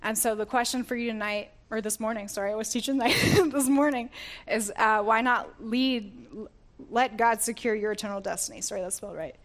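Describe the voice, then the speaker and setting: A woman's voice: a little high, fairly even intonation, brisk, a bit bright. A woman giving a sermon, reading scripture aloud and explaining it earnestly, often laughing and correcting herself mid-word. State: getting emotional. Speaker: preacher.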